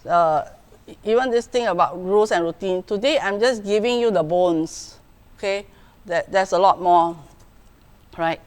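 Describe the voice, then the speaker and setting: A middle-aged woman with a Singaporean English accent gives a virtual parenting talk as a school principal, speaking over a video call at a middle pitch. She keeps checking in with her listeners, saying "okay" and "right" again and again. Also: normal speed, clear, resonant tone. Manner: frequent "okay" and "right" check-ins, acts out parent voices.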